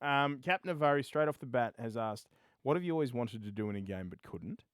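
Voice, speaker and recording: A man's voice: mid-range voice, expressive, a little fast, clean tone, no echo, clean studio sound. A man co-hosting a gaming podcast, chatting casually with wry, teasing humour. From Australia. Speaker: podcast co-host. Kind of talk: casual chat.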